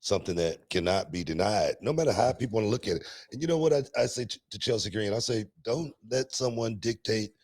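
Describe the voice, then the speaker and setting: A middle-aged man with a fairly low voice, chatting casually as co-host on a podcast. He laughs easily and tells stories in a loose, relaxed way. The sound is dry and close, with no room around it. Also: fast, few pauses, no echo. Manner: laughs often, relaxed storytelling.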